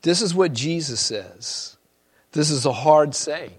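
A male pastor preaching a sermon to a congregation, reading scripture and moving between loud emphasis and quiet, personal asides. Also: a little high, lively intonation, takes it slowly, breathy edge.

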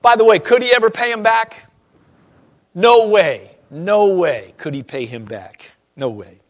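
A male pastor with a high, sing-song voice preaches to his congregation at a moderate pace. He reads scripture and shifts between loud emphasis and quiet, personal asides.

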